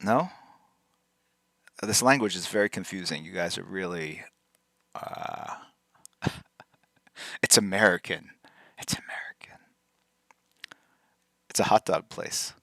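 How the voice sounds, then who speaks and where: A man talks slowly and easily as he draws live, his voice sitting a little low. He banters with his viewers, teases them and keeps repeating a word to get it right. The sound is dry and close. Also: creaky, no room sound. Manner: playful, teasing, reacting to chat out loud; repeats words to practice pronouncing them. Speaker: artist hosting a live drawing stream. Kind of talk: casual live-stream chat while drawing.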